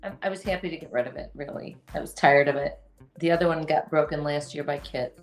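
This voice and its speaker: A woman co-hosting a podcast, talking in a dry, low-key way. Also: fast talker, roomy sound, faint music behind. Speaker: podcast co-host. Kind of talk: casual chat.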